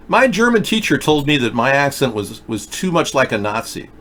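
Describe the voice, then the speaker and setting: A man's voice: medium pitch, animated, moderate pace, hardly any pauses, fairly bright tone, slight background noise. A man hosting a live call-in talk show, rambling and conspiratorial as he talks to callers. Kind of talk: rambling live-stream commentary.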